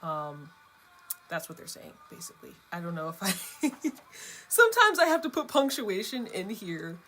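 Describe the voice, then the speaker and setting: A woman's voice: medium pitch, very animated, normal speed, sharp tone, a little hiss or hum. A woman hosting her own vlog, chatting casually in a rambling, chatty way and laughing between thoughts. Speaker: vlogger host. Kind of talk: casual chat.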